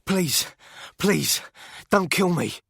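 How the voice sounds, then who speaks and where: A man's voice: on the low side, lively intonation, brisk, husky, no room sound, clean studio sound, voice pushed up. A man voicing a frightened English intelligence agent with a Thames Estuary accent, pleading and panicky.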